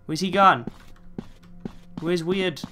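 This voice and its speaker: Joking, cursing game commentator. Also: male voice, sits high, takes it slowly, pushed and bright, soft background music. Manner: jokey, swearing, talks back to game characters. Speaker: let's play host.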